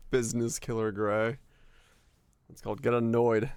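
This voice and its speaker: A man's voice: mid-range voice, animated, takes it slowly, a little mellow, no room sound. A young man streaming live, chatting casually with viewers, ranting and swearing freely as he talks.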